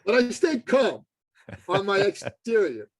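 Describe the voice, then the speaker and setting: A man speaking as a podcast guest, telling an earnest story in an animated way, his voice jumping high for emphasis. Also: measured pace, dry recording, poor audio. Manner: earnest, addresses host as brother. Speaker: podcast guest, business consultant.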